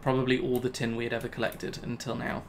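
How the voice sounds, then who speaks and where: A man's voice: medium pitch, completely flat delivery, fast, noisy background. Self-mocking man narrating his gameplay. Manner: self-talking, exasperated, laughs at himself. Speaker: gaming YouTuber. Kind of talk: casual Let's Play commentary.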